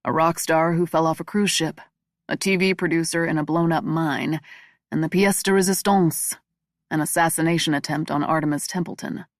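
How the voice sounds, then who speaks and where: A woman voicing a calm, wry male crime boss in an audiobook, speaking in a quiet, dry, measured way. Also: sits low, no room sound, close to an everyday voice.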